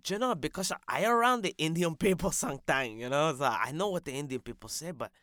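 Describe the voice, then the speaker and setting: Brief: a man as a loud, lively, profane comedy host with a bright voice. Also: a little fast, no room sound, clean studio sound. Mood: baffled. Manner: loud, brash, swears constantly, pitch jumps high. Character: brash loud profane male podcast host. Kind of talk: comic sketch.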